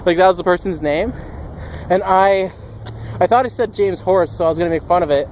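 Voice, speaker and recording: Young guy rambling through a funny story, keeps laughing, highish voice, faint traffic hum behind. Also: normal speed, darkish tone. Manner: rambling, laughs often between lines. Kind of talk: casual storytelling vlog.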